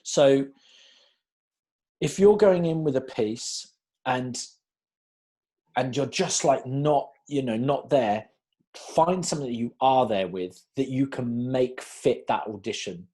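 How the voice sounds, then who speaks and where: British man, casting director, chatty and animated, restarts a lot, mid-range voice. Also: medium pitch, takes it slowly, pauses often. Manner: animated storyteller who acts out quotes, many restarts. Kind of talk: casual Q&A advice.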